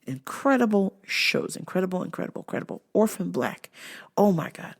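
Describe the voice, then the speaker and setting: A woman's voice: lowish voice, sing-song, brisk, gravelly. A woman hosting a casual vlog, telling exasperated stories full of profanity. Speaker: vlog host and store worker.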